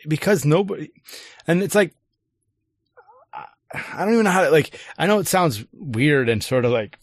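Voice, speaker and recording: A man with a fairly high voice speaks in a halting way, repeating himself as he vents like a burned-out coach. The sound is dry and close, with no room behind it. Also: expressive, dry recording. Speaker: youth sports coach. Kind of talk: casual conversation.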